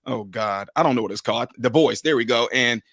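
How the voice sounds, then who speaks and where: A man on a casual panel discussion, talking relaxed and making his points through stories and examples. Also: medium pitch, fairly quick, dry recording, clean studio sound. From USA. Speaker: panel guest.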